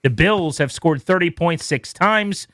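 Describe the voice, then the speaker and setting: A man hosting a sports radio show, rattling off quick game recaps with playful asides. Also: fairly high pitch, fairly bright tone, no echo, studio quality. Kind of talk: brisk scores recap.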